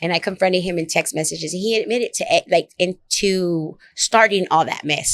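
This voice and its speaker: A woman's voice: on the low side, fairly quick, few pauses, no echo. Profane, blunt woman comedian telling stories. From Oak Cliff, Dallas area, Texas. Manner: blunt, profane, animated storytelling. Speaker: comedian guest. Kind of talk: casual storytelling interview.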